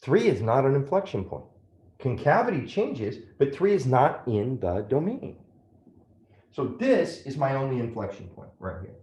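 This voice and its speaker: A man's voice: medium pitch, sing-song, normal speed, a little mellow, echoey room. A man teaching a math lesson step by step, often checking in with "right?".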